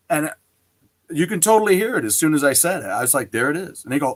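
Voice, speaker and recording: Lively storytelling male show host. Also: a little high, quick pace. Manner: lively storyteller who acts out quoted dialogue. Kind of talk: casual chat, telling an anecdote.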